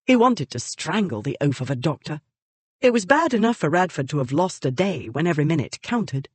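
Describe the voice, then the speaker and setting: An audiobook narrator reading a historical romance in measured, even scripted narration. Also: mid-range voice, husky, no room sound.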